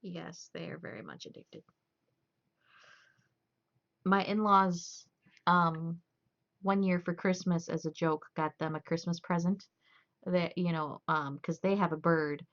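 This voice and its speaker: A woman's voice: lowish voice, steady tone, unhurried, long pauses. A young woman streamer chatting loosely and laughing as she tells stories. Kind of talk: casual chat. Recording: dull lo-fi stream audio.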